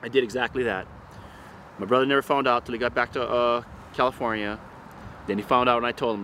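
A man's voice: mid-range voice, fast talker, a little hiss or hum. A man from Hawaii's North Shore, telling a surf story in a casual interview, rambling and full of swearing. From North Shore of Oahu, Hawaii. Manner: profane, rambling, animated retelling. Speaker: interviewee, surfer.

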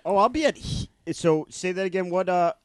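A man's voice: high voice, fairly quick, dry recording. A man co-hosting a comedy podcast, teasing and playful in casual banter. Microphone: studio podcast mic.

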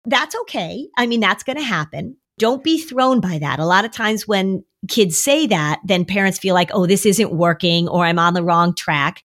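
Woman therapist coaching parents, animated. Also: normal speed, hardly any pauses. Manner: warm, coaching, acts out kids' voices in a high whine. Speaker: therapist and podcast co-host. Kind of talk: conversational advice podcast.

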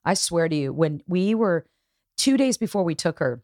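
A woman in her forties hosting a podcast, telling stories in a casual, emotional and animated way. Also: lowish voice, normal speed, dry recording, studio quality. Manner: emotional, animated storytelling with acted-out quotes. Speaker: podcast host. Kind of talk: casual chat.

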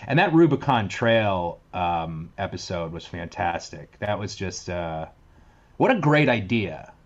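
A man's voice: low voice, sing-song, highs cut off. A man from Massachusetts, a guest in a casual interview, talking earnestly with many restarts. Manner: earnest, halting, lots of restarts.

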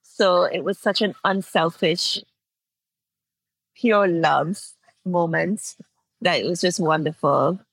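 A woman's voice: lowish voice, takes it slowly, vocal fry, long pauses, husky, no room sound, poor audio. A woman in her forties from Antigua, telling a personal story as an interview guest in a heartfelt way, laughing through tears and restarting phrases. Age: 40s.

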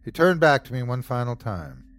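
A man hosting a podcast and reading a horror story aloud with measured, dramatic delivery. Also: mid-range voice, very animated. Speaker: host and narrator. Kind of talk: scripted horror narration.

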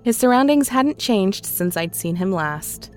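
A woman calmly narrating a scripted horror story in a measured storytelling voice. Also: medium pitch. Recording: faint music underneath.

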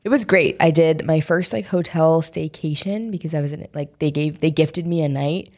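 A young woman co-hosting a podcast, chatting casually in slangy, expressive talk and swearing freely. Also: deep voice, normal speed. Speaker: podcast co-host. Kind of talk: casual chat.

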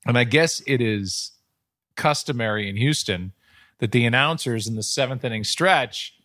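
A man's voice: mid-range voice, moderate pace, sharp tone, no room sound, clean studio sound. A middle-aged man, a podcast host and sports broadcaster, telling long, rambling anecdotes in casual chat.

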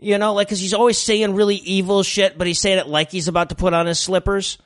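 A man's voice: high voice, little pitch movement, quick pace. A man co-hosting a podcast in casual chat, rambling, sarcastic and profane. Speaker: podcast co-host.

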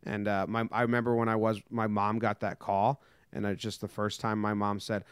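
A man's voice: on the low side, flat delivery, normal speed, clear, resonant tone, no echo, clean studio sound. A young man co-hosting a casual podcast, telling stories in a joking way and acting out the people in them. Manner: jokey storyteller, acts out quoted people. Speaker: podcast co-host. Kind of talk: casual chat.

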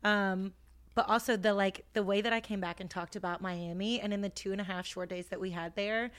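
A young woman guest on a podcast in casual chat, agreeable and quick to back up her friend. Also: medium pitch, fairly even intonation, clear, resonant tone. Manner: agreeable, backs up her friend with short affirmations.

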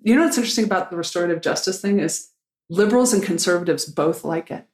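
A woman's voice: on the low side, fast, a little mellow, echoey room. A woman pastor speaking as a guest, frank and reflective in a candid conversation, with the odd blunt swear word.

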